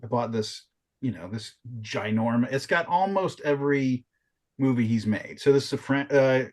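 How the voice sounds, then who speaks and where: A man's voice: medium pitch, normal speed. A man co-hosting a podcast in casual chat, telling stories with lots of restarts and swearing. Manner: animated storytelling, frequent swearing and restarts. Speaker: podcast co-host.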